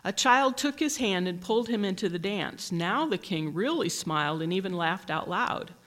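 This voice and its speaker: A teacher reading a picture book aloud in a gentle, measured storytelling manner. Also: medium pitch, animated.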